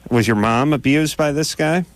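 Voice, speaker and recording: A man's voice: a little high, normal speed, dry recording. A man co-hosting a late-night call-in radio show, blunt and sardonic with the callers.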